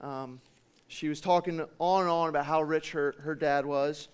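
A man preaching a sermon with passion, swinging between loud declarations and hushed, soft passages. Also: a little high, fairly even intonation, moderate pace, clear, resonant tone. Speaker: pastor.

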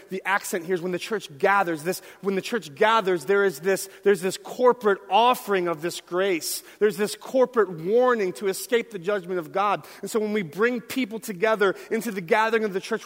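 A middle-aged man preaching a sermon as pastor, swinging from quiet talk to loud shouts. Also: high voice. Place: church hall. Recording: long hall reverb.

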